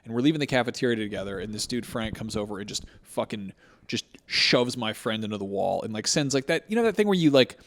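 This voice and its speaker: A man's voice: lowish voice, fast talker. A man in his thirties, co-hosting a podcast, telling a story in casual chat with lots of swearing. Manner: profane, animated storyteller. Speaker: podcast co-host.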